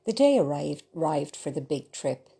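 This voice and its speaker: A woman reading a story aloud, slow and gentle, with small slips. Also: low-pitched, sing-song, creaky, breathy edge. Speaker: narrator. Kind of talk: storytelling narration.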